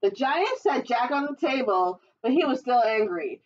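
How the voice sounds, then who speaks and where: A woman reads a picture book aloud for children, stopping for friendly chatty asides. Her voice sits fairly high and rises and falls a lot, on a dull lo-fi recording. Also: moderate pace, far from the mic. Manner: animated reading with chatty asides. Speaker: children's librarian. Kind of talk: children's storytime reading.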